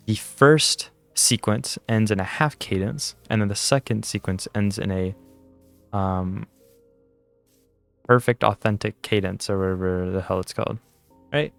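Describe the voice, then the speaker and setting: Young man, low voice, smooth, tired and rambling, casual gameplay chatter. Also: a little slow, long pauses, no echo, soft background music. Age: young adult. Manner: rambling, chatty, self-deprecating. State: tired, yawning. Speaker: gaming channel host.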